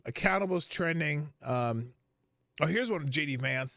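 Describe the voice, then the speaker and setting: Animated, bright-voiced male host. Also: fairly high pitch, moderate pace, vocal fry, no echo, studio quality. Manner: animated, jumps between topics with fillers. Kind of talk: casual political commentary.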